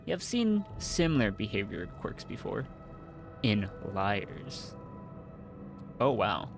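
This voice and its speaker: A man's voice: lowish voice, sing-song, slow pace, creaky, over music. A man streaming a story-driven game, reading its narration aloud and chatting casually between lines. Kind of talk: game playthrough, reading and commentary.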